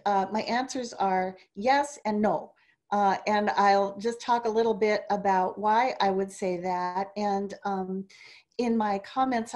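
A woman giving organized, explanatory remarks as a panelist at a book club event, often pausing with "uh", over a video call. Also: mid-range voice, a little mellow. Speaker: literature panelist.

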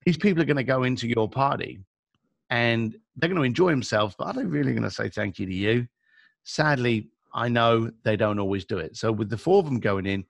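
A middle-aged Englishman with a London accent guests on a podcast, animatedly acting out each person in his story with lively swings of pitch. His voice has a gravelly edge, caught on a close, dry recording with no room sound.

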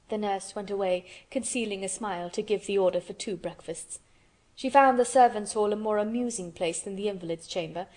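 Audiobook narrator, woman, mid pitch, steady measured reading. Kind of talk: scripted narration.

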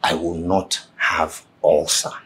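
A man's voice: rumbling low, level tone, takes it slowly, a bit bright, reverberant, full character voice, poor audio. An actor with a Nigerian accent playing a stern businessman who lectures his wife and new secretary. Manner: curt, lecturing and impatient. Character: stern businessman husband and company boss. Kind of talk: Nollywood film acting.

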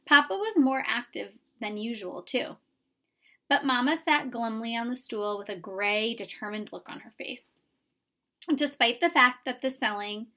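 A woman reading a children's chapter book aloud in a calm, even storytelling manner. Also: a little high. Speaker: reader. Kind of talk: storybook read-aloud narration.

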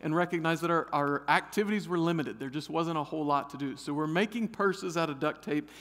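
Animated pastor in a reverberant church hall. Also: male voice, fairly high pitch, a little fast. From Ohio. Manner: animated, humorous storyteller. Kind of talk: storytelling sermon. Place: church sanctuary.

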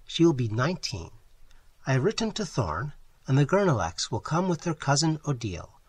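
A man voicing a brisk, teasing young man who lectures his friend firmly but kindly, read as part of an audiobook. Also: medium pitch, very animated, slightly rough. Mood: cheerful.

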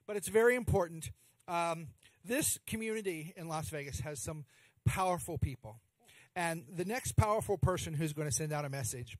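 A man's voice: a little high, moderate pace, no room sound. A man hosting a charity stream, introducing guests in a gushing, rambling way with many restarts. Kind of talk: emcee introductions.

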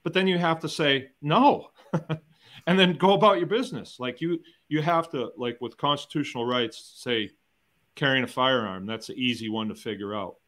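A man's voice: medium pitch, moderate pace, pushed and bright. A middle-aged man from the United States, a farmer and educator, speaking in a round-table conversation in an emphatic, conversational way, with rhetorical questions and frequent restarts. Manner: repeats words and restarts often.

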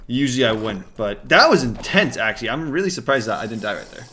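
A young man streaming a video game with a friend, joking and bursting into loud yelps. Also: medium pitch, quick pace, slight background noise. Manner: excitable, jokey, swings to loud yelps. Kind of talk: casual gaming chat. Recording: faint game music behind.

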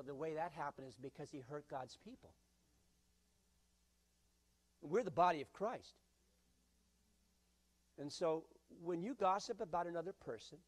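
A male pastor delivers a sermon in a high-pitched voice. He preaches in an animated way, swinging between loud, forceful bursts and hushed, quiet lines. He acts out the voices he quotes and jokes with the congregation.

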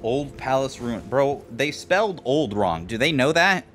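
Excitable swearing gameplay commentator man. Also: medium pitch, measured pace, faint music behind. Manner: excitable, jokey, swears a lot, talks to enemies. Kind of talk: casual let's-play commentary.

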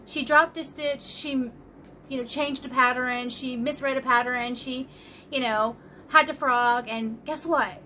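A woman in her fifties hosts a crochet vlog, chatting casually and opening a parcel in an unboxing. She is bubbly, giggly and rambles happily, with a bright, forceful, slightly high voice at an unhurried pace. A little hiss or hum is audible.

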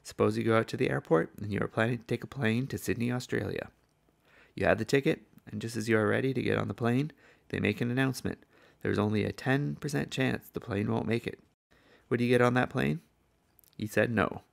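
An older evangelist preacher from the southern United States delivers a sermon in an earnest, storytelling style. His voice is gravelly and medium-pitched, and he speaks a little fast.

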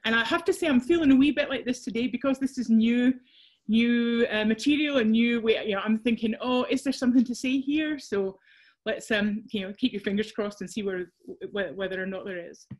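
A woman's voice: a little high, fairly quick. A Scottish woman presenting a workshop over a video call, chatty and self-deprecating with frequent restarts.

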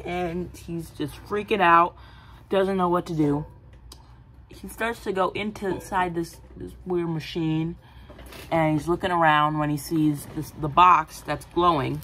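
A woman casually pitching a film idea, rambling with many fillers and giggly asides. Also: fairly even intonation, a little slow, fairly bright tone, a little hiss or hum, low-quality recording. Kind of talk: casual movie-pitch chat.

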